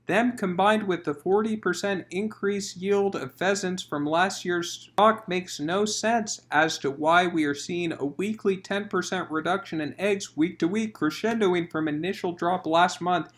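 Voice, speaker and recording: Man reading as a long-winded fretful village priest, fairly high voice. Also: measured pace, few pauses, a bit bright. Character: fussy worried male country priest.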